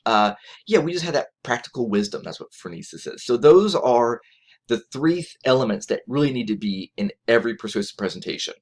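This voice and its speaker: A man giving a recorded college lecture in a conversational way, often checking in with "right?" and restarting phrases, with lively jumps in pitch when he quotes someone. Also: brisk. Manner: conversational, frequent "right?" tag questions and restarts; animated pitch jumps when quoting others.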